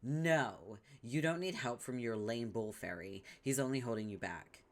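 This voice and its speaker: A man's voice: mid-range voice, a little slow, lightly acted. A man voicing a bossy, cruel young troll girl who sneers and scolds in a comic read-along.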